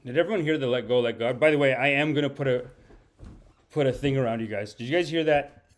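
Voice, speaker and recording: A man's voice: medium pitch, fast. A man hosting a comedic live-stream podcast, rambling and ironically boastful as he chats with viewers and reads their names.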